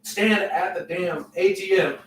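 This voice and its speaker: A man co-hosting a casual podcast among friends, excitable, laughing a lot and jumping into the story. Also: sits high, measured pace, far from the mic. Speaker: podcast co-host. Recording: roomy, off-mic with faint background noise.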